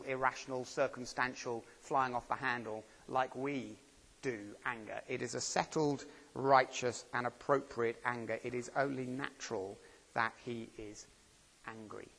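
A man's voice: medium pitch, creaky, a bit bright. A man preaching a sermon, chatty and full of rhetorical questions. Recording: long reverb of a church hall.

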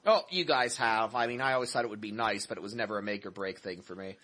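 Bright, jokey podcast co-host man. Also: on the low side, fast. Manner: playful, jokey, laughs easily. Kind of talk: casual gaming podcast chat.

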